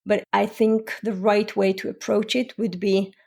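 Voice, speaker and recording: Gravelly-voiced woman coaching parents. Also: mid-range voice, measured pace. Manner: calm, explanatory, gives examples. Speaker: parent coach and podcast host. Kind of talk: solo advice podcast.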